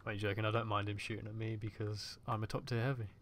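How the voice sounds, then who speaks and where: A man's voice: on the low side, flat delivery, fast, a bit bright, a little hiss or hum. A man commentating live on his own gameplay, chatting with viewers and swearing freely as he plays. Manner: profane, joking chatter with his chat. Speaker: streamer.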